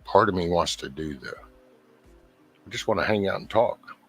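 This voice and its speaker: A man hosting his own channel, talking in a casual, profane, exasperated ramble and mimicking other people in quick asides. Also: sits low, lively intonation, breathy edge, soft background music. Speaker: YouTube channel host.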